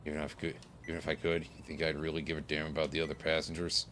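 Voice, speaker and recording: A man voicing a drugged, paralyzed man who talks in a weary, low mumble, reading game dialogue aloud. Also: monotone, rapid-fire, fairly bright tone, slight background noise.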